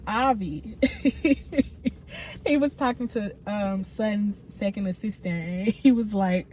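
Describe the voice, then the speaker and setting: A woman's voice: medium pitch, slow, darkish tone. A woman with a cold, congested, giving a chatty, frank recap of a reality show and talking straight to her viewers. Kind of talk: casual recap commentary.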